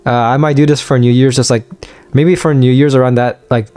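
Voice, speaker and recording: A man giving casual let's-play commentary in a strained, hoarse voice as he starts to lose it, rambling with lots of fillers and restarts. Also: medium pitch, fairly even intonation, a little fast, dark tone. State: losing his voice, strained. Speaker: gaming video creator.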